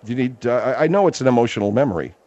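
A man's voice: medium pitch, very fast, darkish tone. A man hosting a comic radio call-in show, questioning a guest in a mock-serious way. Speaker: radio host. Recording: dull radio audio, faint hiss.

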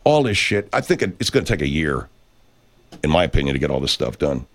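A man's voice: rumbling low, sing-song, fast talker. A middle-aged man hosting a livestream, reading chat and rambling casually with plenty of profanity.

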